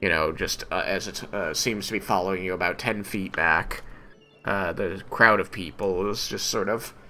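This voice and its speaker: A man's voice: low-pitched, normal speed, slight background noise. A man narrating as game master of a tabletop game, hesitant with many fillers. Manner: hesitant, filler-heavy, lively storytelling.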